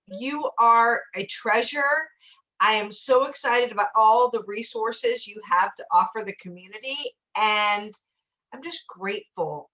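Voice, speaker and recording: A woman host with a bright, forceful voice, heaping praise on her guest and tripping over restarts as she goes. The audio is dull and lo-fi. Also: medium pitch. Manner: gushing and effusive, with many restarts. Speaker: talk show host. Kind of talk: interview on a video show.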